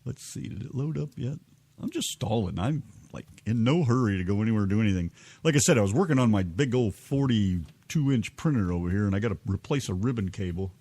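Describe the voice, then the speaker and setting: A man's voice: lowish voice, lively intonation, fast talker, mellow, husky. A man from Kentucky, co-hosting a casual live internet radio show, joking and rambling while he looks for songs.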